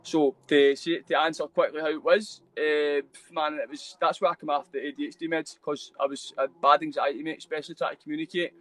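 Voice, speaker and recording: A man's voice: a little high, steady tone, fairly quick, hardly any pauses, a bit bright, no echo, poor audio. A young Scottish man with a Scottish accent, a guest telling his story on a live video call, rambling and swearing freely with lots of mate and bro. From Scotland. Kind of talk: casual storytelling interview.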